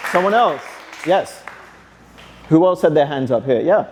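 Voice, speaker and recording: A man speaking as a motivational speaker to students, energetic, coaxing the audience with questions and call-and-response. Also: on the high side, unhurried, a crowd in the background, noisy background. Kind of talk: interactive talk to students. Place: school hall.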